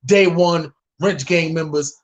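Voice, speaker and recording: A man's voice: a little high, takes it slowly, muffled recording. A man from New York hosting a live stream reaction, talking in a laid-back way and repeating "man". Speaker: host.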